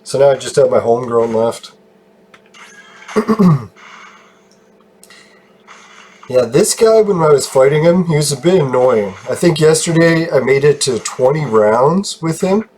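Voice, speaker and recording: A man's voice: mid-range voice, expressive, measured pace, long pauses, a little mellow. Gaming host, male, mid-range voice, loose rambling commentary with frequent laughs, faint background hiss. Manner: rambling, self-deprecating, laughs often and swears. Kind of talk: casual gameplay commentary.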